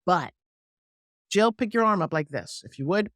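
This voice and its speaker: A middle-aged woman, a sales coach, talking energetically in an interview and slipping into persuasive pitching, with acted-out quotes. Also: animated, normal speed, fairly bright tone, no echo, clean studio sound. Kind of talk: energetic interview talk with live product pitch.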